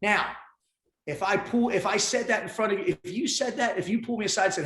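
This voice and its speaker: A man's voice: high voice, fast, fairly bright tone, echoey room. A man in his fifties speaking as a podcast guest, blunt and emphatic, giving tough-love talk in casual conversation. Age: 50s.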